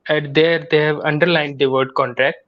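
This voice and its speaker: A man's voice: a little high, fairly even intonation, moderate pace, dull audio. A man answering in a class, hesitant and restarting his phrases. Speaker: student.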